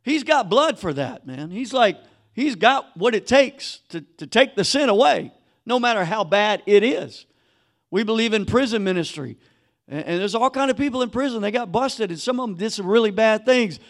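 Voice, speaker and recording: Emphatic high-voiced male preacher. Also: animated, normal speed. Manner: emphatic preaching, drops to a hushed voice then rises. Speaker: pastor. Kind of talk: sermon.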